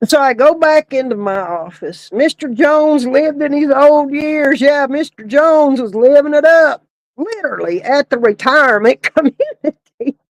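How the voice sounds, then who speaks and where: A woman's voice: high-pitched, lively intonation, measured pace, no room sound, poor audio. A woman who works at a funeral home, telling a comic story in a casual way and laughing often as she talks.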